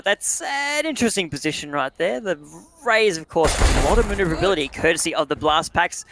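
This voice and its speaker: Man, Australian accent, esports commentator, joking, gravelly voice. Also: a little high, noisy background. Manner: joking, chatty play-by-play. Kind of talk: live game commentary.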